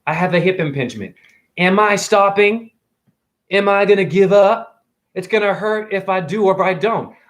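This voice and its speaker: A man in his forties rants on a phone livestream, sermonizing to his viewers and peppering them with questions. His voice sits high for a man and leaps and dips all over the place. He is blunt, preachy and happy to swear. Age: 40s. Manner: preachy, combative, swearing, asks the audience questions. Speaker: livestream host. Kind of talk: rambling livestream monologue.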